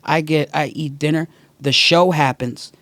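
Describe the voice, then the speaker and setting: A man who is a stand-up comedian and podcast host, telling an animated, profane story in casual chat. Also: a little high, a little slow, dry recording.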